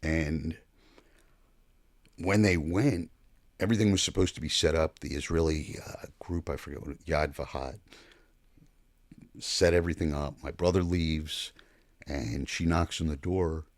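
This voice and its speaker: An older man, a podcast guest, telling stories in a blunt, profane, animated way. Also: rumbling low, measured pace, pauses often, no echo, studio quality. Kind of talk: casual storytelling chat.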